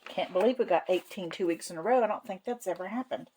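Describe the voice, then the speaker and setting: Talking fast in a lowish, mellow voice, this savings channel host chats in a down-home way and counts cash out loud to herself during her casual cash-stuffing vlog. The audio is poor, with slight background noise.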